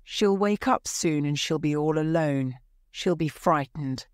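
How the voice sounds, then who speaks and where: A woman's voice: sits low, clear, resonant tone, no echo, clean studio sound. Friar Lawrence, a woman voicing a worried old friar. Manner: urgent, hurried. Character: worried older male friar, urgent and kind.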